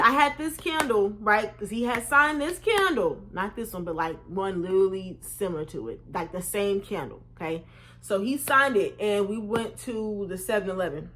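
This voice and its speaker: A young woman vlogger telling a storytime casually, swearing freely and acting out other people's lines in a raised voice. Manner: animated, swearing, acts out quotes in raised pitch.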